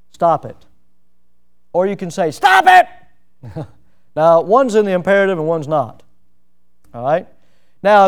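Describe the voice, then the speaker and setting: A man preaching a sermon, swinging from hushed warnings to loud emphatic calls. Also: high-pitched, smooth. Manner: preaching with emphatic shouted quotes and swings between loud and soft. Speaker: pastor.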